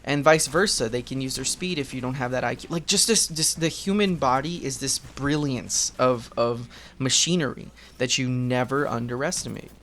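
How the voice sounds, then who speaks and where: A man with a gravelly edge and a mid-range voice chats casually into a desk mic while gaming. He rambles candidly, swears freely and leans on fillers like "um" and "like.". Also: mid-range voice, moderate pace, a bit bright, slight background noise. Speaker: gaming vlogger.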